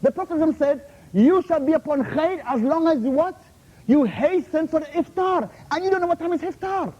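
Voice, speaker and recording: A man's voice: very high-pitched, expressive, moderate pace, a little mellow. A man, an invited Islamic speaker, confronts a questioner in a university room, scolding him and demanding answers with repeated "Huh? How?", and he mixes Arabic terms into his English. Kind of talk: heated Q&A rebuttal. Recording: muffled lo-fi recording.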